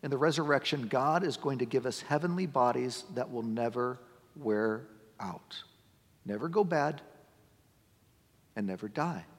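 A middle-aged man preaching a sermon as pastor, talking conversationally and building to emphatic, near-shouted points. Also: mid-range voice, a little slow, long pauses. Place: church sanctuary. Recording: long church-hall reverb.

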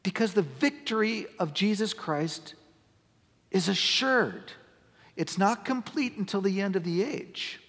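A middle-aged male pastor delivers a sermon in a high, gravelly voice. He moves from easy, conversational talk to emphatic, near-shouted lines. The sound carries a long reverb from a church sanctuary. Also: a little slow.

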